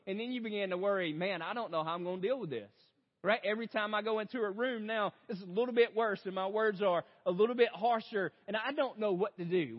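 Young male pastor telling a sermon story, loud bursts and quiet turns, slightly high pitch, dull sound. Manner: storytelling, addresses audience as "you guys"; swings from loud outbursts to hushed reflection. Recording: dull lo-fi sound in a big reverberant hall.

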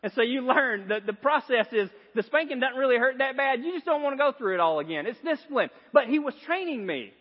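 A man's voice: very high voice, expressive, fairly quick, few pauses. A man preaching a sermon as pastor, telling stories with frequent laughs and repeated phrases. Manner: storytelling, laughs often, repeats phrases for emphasis. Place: church sanctuary. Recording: dull sound in a long-reverb hall.

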